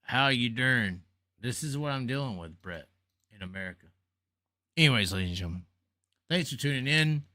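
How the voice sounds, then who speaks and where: A man's voice: medium pitch, animated, normal speed, long pauses, sharp tone, dry recording, clean studio sound. A man hosting a casual livestream, rambling and profane, worn out after hours on air. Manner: rambling, profane, jokey sign-off. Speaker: livestream host. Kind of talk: casual late-night livestream chat.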